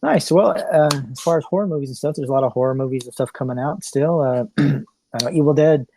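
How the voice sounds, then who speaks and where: A man, co-hosting a casual podcast chat in a relaxed, rambling way. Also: fairly high pitch, fairly quick, slight background noise. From Tennessee. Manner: relaxed, rambling with fillers and restarts. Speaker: podcast co-host.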